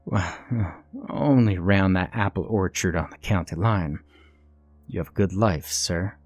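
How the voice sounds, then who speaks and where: A man's voice: low voice, unhurried, darkish tone, no echo, faint music behind. A man voicing a small, evasive old country shopkeeper woman with a drawl, in a narrated horror story. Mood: curt.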